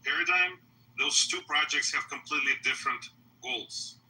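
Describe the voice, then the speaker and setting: A man's voice: mid-range voice, moderate pace, pushed and bright, far from the mic, low-quality recording. A man explaining theory in a casual chat, hesitant and full of fillers. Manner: hesitant and lecturing with many fillers.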